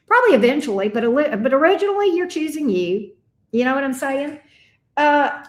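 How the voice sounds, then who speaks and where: High-voiced blunt woman tarot reader. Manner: blunt, profane, folksy sayings. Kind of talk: casual astrology reading chat.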